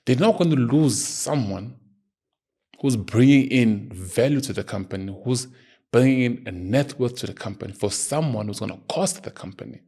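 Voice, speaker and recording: A man's voice: mid-range voice, moderate pace, dark tone, breathy edge. A man hosting his own show, giving earnest, emphatic opinion commentary and arguing his point. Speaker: podcast host.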